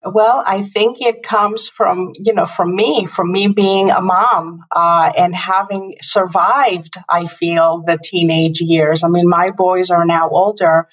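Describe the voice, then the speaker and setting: A woman in her fifties, a mother and parenting guest, telling a personal story in an interview in a reflective, halting way with many restarts. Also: on the low side, fairly even intonation. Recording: distant, muffled remote audio.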